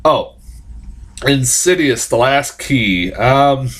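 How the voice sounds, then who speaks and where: A man rambles through a casual film review, stumbling over restarts and dropping swear words. His pitch leaps around a lot as he slips into sarcastic reactions, though it sits at an ordinary middle height. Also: very slow. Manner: rambling, profane, lots of restarts; animated, jumps into sarcastic reactions.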